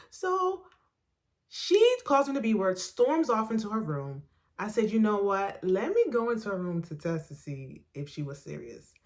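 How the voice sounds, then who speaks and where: A woman hosting a podcast, telling a personal story in a lively way, laughing often and acting out what people said. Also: medium pitch, normal speed. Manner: animated, laughs often, acts out quoted dialogue. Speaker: podcast host.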